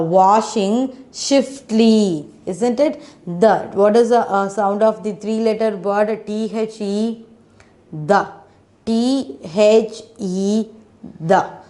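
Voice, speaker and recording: Slow, patient woman teaching phonics. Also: medium pitch, dark tone. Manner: slow, patient, spells letters out one by one and asks questions. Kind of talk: online children's phonics lesson.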